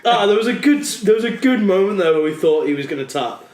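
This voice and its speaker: A man with a fairly high voice hosts a podcast, joking and swearing casually. His voice carries a roomy echo. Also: expressive, fast talker, a little mellow. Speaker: podcast host. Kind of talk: casual chat.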